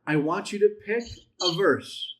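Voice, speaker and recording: A man's voice: high voice, unhurried, a bit bright. A man teaching a Bible class in a methodical way, listing terms, repeating points and asking rhetorical questions.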